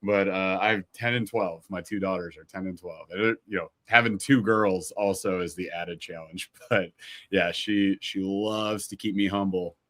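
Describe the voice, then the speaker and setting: Man, thirties, from Ohio, low-pitched, relaxed chat, frequent laughter. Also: moderate pace. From Ohio, USA. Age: 30s. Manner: laughs often, self-deprecating, loose. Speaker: guest. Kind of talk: casual chat.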